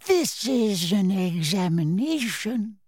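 Guy doing a fussy old examiner wizard, soft, slow, a bit high, dry close sound. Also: very animated, no room sound, exaggerated voice. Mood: scandalized. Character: fussy elderly male wizard examiner, mild and proper. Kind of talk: audiobook character voice.

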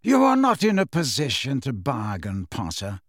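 A man's voice: medium pitch, huge pitch swings, normal speed, no echo, clean studio sound. Man doing a drawling, sneering aristocrat. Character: cold, sneering aristocratic male wizard.

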